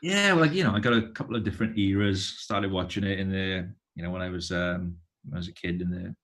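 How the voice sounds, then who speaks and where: Lowish voiced guy in his 30s, rambly casual chat, keeps restarting sentences. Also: fairly bright tone. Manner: rambling, halting, many restarts. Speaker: touring musician, guest. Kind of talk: casual conversation.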